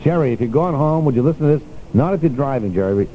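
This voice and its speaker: A man's voice: medium pitch, lively intonation, quick pace, mellow, a little hiss or hum, poor audio. An older man hosting a radio show in a casual, chatty way, laughing often and reading items aloud to the listeners. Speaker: radio host.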